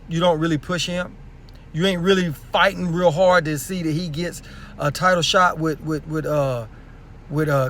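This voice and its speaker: A man's voice: on the high side, a bit bright. A man with speech giving a blunt, profane boxing opinion rant that is full of repeated rhetorical questions. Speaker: sports commentary vlogger.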